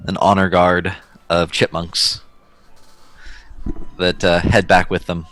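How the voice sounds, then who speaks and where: A man taking his turn in an improvised storytelling game, relaxed with fillers. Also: sits low, slow, faint music behind.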